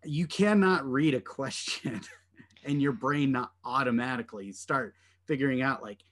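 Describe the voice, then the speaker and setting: A man's voice: medium pitch, normal speed, fairly bright tone. Enthusiastic rambling man host. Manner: enthusiastic, rambling, playful voice jumps. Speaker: webinar host. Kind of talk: casual conversation.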